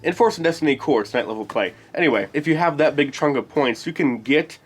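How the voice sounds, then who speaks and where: A man's voice: on the high side, expressive, quick pace, a little hiss or hum. A man casually explaining tabletop role-playing game rules, rambling and thinking aloud with enthusiasm. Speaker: tabletop RPG guide host.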